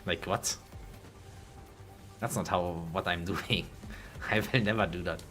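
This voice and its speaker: German guy streaming games, low-ish bright voice, blunt and jokey with chat, faint music behind. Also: fairly even intonation, measured pace. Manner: blunt, joking, swears, talks to chat. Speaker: game streamer. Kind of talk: casual livestream chat while gaming.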